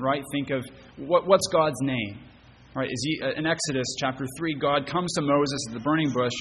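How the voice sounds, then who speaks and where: A male pastor preaches in an earnest, fairly bright voice of middling pitch, often restarting and rephrasing phrases, repeating words, and posing rhetorical questions to his congregation. In the church sanctuary, his voice trails a long reverb, with a faint background hiss underneath.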